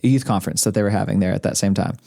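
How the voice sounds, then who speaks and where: A man's voice: on the low side, very fast, vocal fry, warm tone. A man, a podcast guest telling rambling stories in casual conversation, often chuckling and restarting his sentences. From Arkansas, USA. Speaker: podcast guest, husband of host. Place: indoors, podcast studio room.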